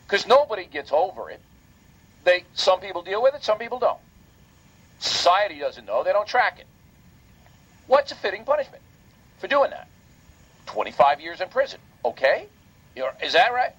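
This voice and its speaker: A man's voice: high voice, a bit bright. A man hosting a talk radio show, delivering a heated, indignant monologue that repeats points for emphasis. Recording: lo-fi radio broadcast.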